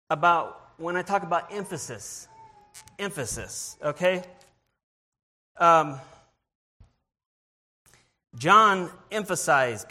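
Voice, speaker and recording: Earnest man preaching with halting restarts. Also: high-pitched, sharp tone. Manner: earnest, halting, with frequent restarts and repeated words. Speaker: lay preacher. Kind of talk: informal sermon.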